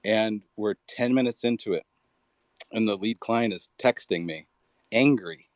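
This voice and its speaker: A man's voice: on the low side, a little slow, dry recording. A man speaking candidly and reflectively in a casual online audio chat, with frequent loose fillers.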